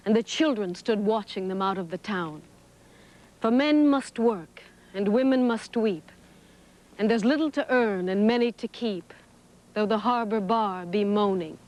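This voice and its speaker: Woman reading a sad sea poem, steady mid-range voice. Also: mid-range voice, a little slow. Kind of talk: poetry recitation.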